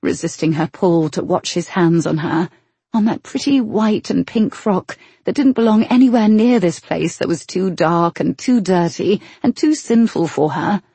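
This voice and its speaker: Woman narrator, romance audiobook, slow, lowish voice, dry studio sound. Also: mellow, breathy edge, dry recording. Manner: slow, sensual.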